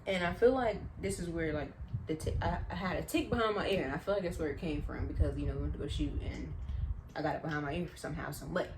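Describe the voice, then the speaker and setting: A woman's voice: sits low, fast talker. Chatty young woman telling stories, noisy recording. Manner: chatty, slangy, animated retelling. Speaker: vlogger. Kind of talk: casual storytime.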